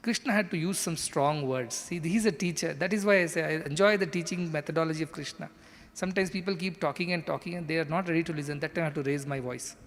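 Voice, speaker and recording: A man's voice: on the high side, fast, long reverb tail. A man giving an earnest scripture lecture, explaining step by step. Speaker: scripture teacher.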